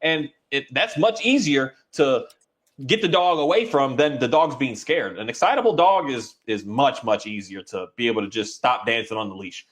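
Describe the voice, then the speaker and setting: A man who works as a dog trainer, talking in a casual, rambling and halting way, now and then voicing his dog's thoughts. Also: mid-range voice, lively intonation, fairly bright tone. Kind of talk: casual conversation.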